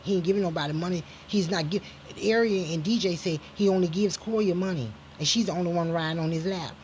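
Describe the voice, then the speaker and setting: A woman's voice: fairly low pitch, fast talker, hardly any pauses, darkish tone, lo-fi sound, slight background noise. A woman telling a family story in an angry personal monologue, profane and emphatic, flaring into heated outbursts.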